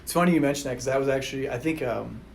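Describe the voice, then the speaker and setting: Male guest or host, conversational, rambling delivery, mid-range pitch, faint background noise. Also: racing, creaky, low-quality recording. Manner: rambling, with restarts. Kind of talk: casual podcast chat.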